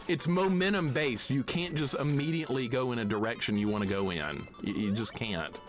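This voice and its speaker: A man's voice: mid-range voice, a bit bright. A man from Alabama giving live commentary on a retro game, swearing at it and chuckling often. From Alabama, USA. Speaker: streamer.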